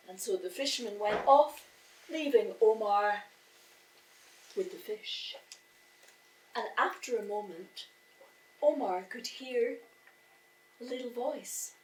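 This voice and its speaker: A woman telling a folk tale to a live audience, slow and expressive, voicing the characters as she goes. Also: fairly high pitch. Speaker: storyteller. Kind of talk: live oral storytelling. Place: live storytelling event. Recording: echoey room, voice from far off.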